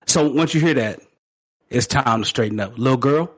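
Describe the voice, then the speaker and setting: A man's voice: medium pitch, normal speed, slightly rough, no echo. A man hosting a podcast, casually telling a family story. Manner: relaxed storyteller, frequent agreeing interjections. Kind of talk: casual chat.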